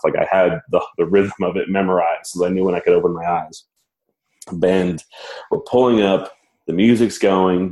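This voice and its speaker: A man telling a personal story in casual talk, animated and self-mocking, laughing as he goes. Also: low voice, moderate pace. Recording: roomy echo.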